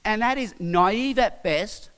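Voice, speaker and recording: An Australian man with a high, smooth, resonant voice talks emphatically, pausing after each word in his lists. His voice rings out in a large, reverberant hall. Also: fairly bright tone. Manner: emphatic, listing words with pauses. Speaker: speaker. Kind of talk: sermon-style talk.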